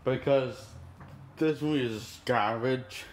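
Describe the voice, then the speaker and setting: A man's voice: medium pitch, slow, a little hiss or hum. A man reviewing a movie in an indignant, profane, rambling rant. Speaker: movie critic.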